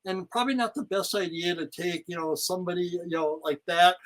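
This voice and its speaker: An older man, a guest in a casual interview, telling stories in an animated way and acting out quoted lines. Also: high voice, brisk, rough recording. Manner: animated storyteller, acts out quotes. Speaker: guest, retired pro wrestler.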